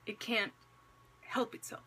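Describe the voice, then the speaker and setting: With slight noise in the background, a female vlogger delivers relaxed to-camera commentary carrying a religious message. She is wry and chatty, posing rhetorical questions and dropping sarcastic asides. Her pace is unhurried and her tone sharp.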